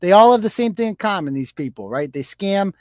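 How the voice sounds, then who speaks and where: A blunt, foul-mouthed male host chatting on a livestream, laughing often. His voice sits high. The sound is dry and close with no room echo. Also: animated. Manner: blunt, profane, quick to laugh. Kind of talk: casual livestream chat.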